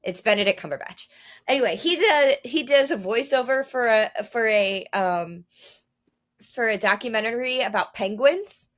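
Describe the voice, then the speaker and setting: A woman's voice: on the high side, moderate pace, fairly bright tone. A woman co-hosting a podcast in casual chat, telling stories animatedly with swearing and laughter. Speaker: podcast co-host.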